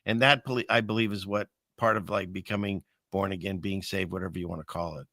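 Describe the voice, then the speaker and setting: A male host speaks earnestly on a casual online show, often stopping and restarting. His voice is bright and forceful. The recording is dry, with no room sound. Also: low-pitched, steady tone, no room sound. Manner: earnest, halting, faith-focused talk.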